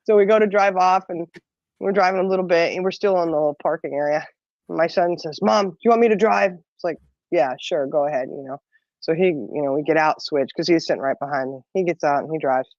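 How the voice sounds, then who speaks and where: A woman's voice: low-pitched, fast talker, darkish tone, no room sound. Middle aged lady rambling thru a story w lots of laughs, dry muffled sound. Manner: chatty, laughs often, rambling. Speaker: podcast co-host. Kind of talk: casual storytelling chat.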